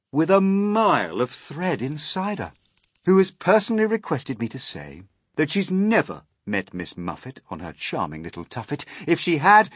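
A man reads a rhyming children's story in a playful, sing-song rhythm. His pitch rises and falls a great deal, with a slightly husky edge. The sound is close and dry. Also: no echo.

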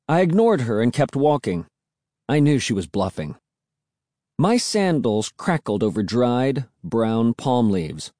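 A man reading a first-person story aloud, with an expressive, animated delivery. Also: mid-range voice, no echo, clean studio sound. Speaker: audiobook narrator.

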